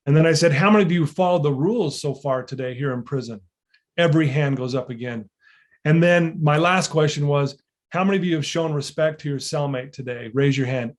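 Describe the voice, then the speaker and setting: Earnest storytelling man, fairly high voice. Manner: earnest, builds to emphatic peaks, frequent fillers. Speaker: motivational speaker. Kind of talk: storytelling talk to an audience.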